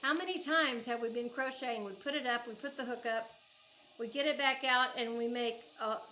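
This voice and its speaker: A woman's voice: a little high, moderate pace, bright, forceful tone, a little hiss or hum, low-quality recording. A woman with an Oklahoma accent, chatting casually and gushing as she unboxes yarn at home for her crochet vlog. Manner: chatty, gushing, thinks aloud. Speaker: crochet vlogger.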